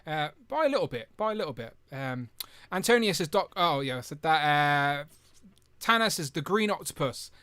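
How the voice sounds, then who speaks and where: A man's voice: a little high, big pitch swings, normal speed, bright, forceful tone, clear, resonant tone, dry recording. A young man hosting a casual live stream, chatty and jokey, reading out viewer comments.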